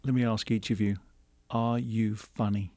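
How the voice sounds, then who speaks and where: A man moderating a panel discussion with a slightly low voice. He asks his questions in a relaxed, plain way. The sound is dry and close-miked. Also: moderate pace, no room sound. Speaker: host.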